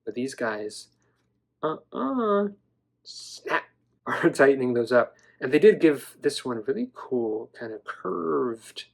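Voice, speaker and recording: A man talks through his dinosaur figures in a casual vlog. He is chatty and enthusiastic, and he stumbles playfully over his words now and then. His voice sits in a middle register, with a very lively, bouncing pitch. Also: a little slow, vocal fry. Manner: enthusiastic, chatty, playful, with some stammering restarts. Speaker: toy collector reviewer. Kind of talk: casual toy review vlog.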